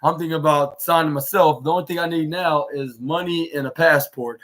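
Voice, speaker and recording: High, bright-voiced young man recapping wrestling. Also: fairly even intonation. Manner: halting, many fillers and restarts, acts out quotes loudly. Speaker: podcast host.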